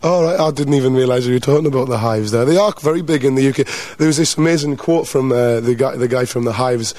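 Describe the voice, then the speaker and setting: A man's voice: medium pitch, fast talker, darkish tone, dry recording. Band member, male, northeast English accent; dry humor, trips over his starts. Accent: Mackem, northeast English. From northeast England. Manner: dry, jokey, with stammered restarts. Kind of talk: casual interview chat.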